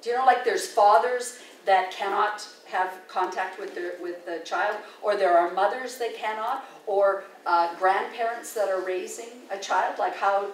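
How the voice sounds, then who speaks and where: A woman's voice: mid-range voice, unhurried, hardly any pauses. Older canadian lady rambling through a talk, far off mic, roomy echo. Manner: chatty, digressive, with many fillers and restarts. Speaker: risk manager presenting at a meeting. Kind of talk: informal presentation with anecdotes. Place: large meeting room. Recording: echoey room, distant mic, faint noise.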